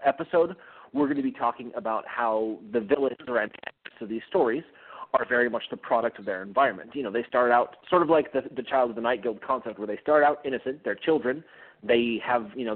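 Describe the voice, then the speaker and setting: A man guesting on an interview show, talking with eager energy and stumbling through fillers and restarts. His voice sits at an ordinary middle pitch. It comes through a narrow, phone-like line. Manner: enthusiastic, with frequent fillers and restarts. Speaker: guest author. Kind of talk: casual interview chat. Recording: tinny phone-line sound.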